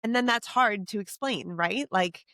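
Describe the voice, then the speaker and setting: A woman's voice: mid-range voice, normal speed, sharp tone, no echo, clean studio sound. A woman podcast co-host in casual chat, telling a candid and emotional personal story. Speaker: podcast co-host and sports broadcaster.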